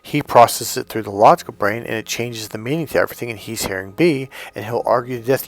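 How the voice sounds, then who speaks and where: A middle-aged dating coach tells stories to camera bluntly, swearing freely and acting out both sides of conversations. His voice is medium in pitch and fairly quick.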